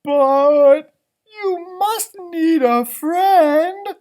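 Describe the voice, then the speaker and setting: A man voicing a friendly, chatty female dog who talks slowly and gently. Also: extremely high pitch, voice pushed up, full character voice. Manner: slow, gentle, apologetic.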